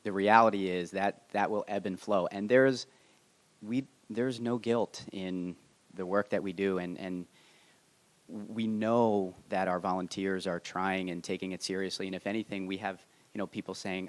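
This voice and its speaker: Deep-voiced man moderating a panel. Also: steady tone, dry recording. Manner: casual, halting with many restarts. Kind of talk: live panel Q&A.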